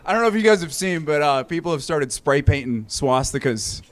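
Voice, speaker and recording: A man's voice: on the high side, fairly quick. A man doing a stand-up comedy set on a club stage, swearing freely and acting out characters in different voices. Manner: animated, swearing, acts out characters.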